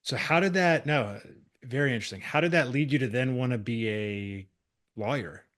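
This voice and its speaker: A man hosts a relaxed interview, joking and friendly. He often restarts his sentences mid-thought. His voice sits at a middle pitch. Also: moderate pace. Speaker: podcast host. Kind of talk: casual podcast interview.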